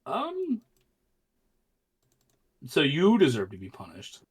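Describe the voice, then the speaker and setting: A man's voice: on the high side, huge pitch swings, takes it slowly. Rambling, teasing male streamer. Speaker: streamer co-host. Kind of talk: casual gaming chat.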